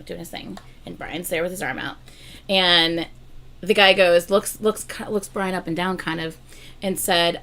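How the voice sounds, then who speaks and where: A young woman hosting a casual livestream, chatting to viewers and telling stories with a lot of laughter. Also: lowish voice. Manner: chatty and animated, bursts into loud laughter. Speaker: livestream host.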